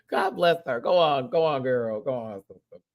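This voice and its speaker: Low-voiced woman doing a live show review, super animated, laughs a ton, pitch all over. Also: slow. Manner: animated, gushing, laughs a lot.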